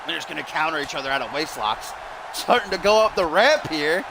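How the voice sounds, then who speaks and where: An excitable man calls a wrestling game live on a stream, his voice sitting on the higher side and jumping up into shouts when the action spikes. There is clear background noise under the whole recording. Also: brisk. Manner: excitable, often rising to shouts on big moves. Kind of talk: live-stream play-by-play commentary.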